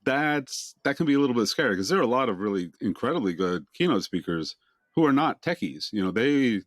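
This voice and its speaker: A man hosting an interview over a video call from his home office, relaxed, chuckling often and asking long, rambling questions. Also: mid-range voice, fairly quick, dry recording, clean studio sound. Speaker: interviewer, host. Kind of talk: casual interview chat. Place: home office near Boston.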